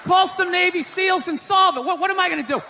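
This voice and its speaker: A male stand-up comedian doing a brash set, shouting and talking to the crowd. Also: extremely high pitch, fast. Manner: brash, shouting, talks to the audience. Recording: live room with crowd and noise.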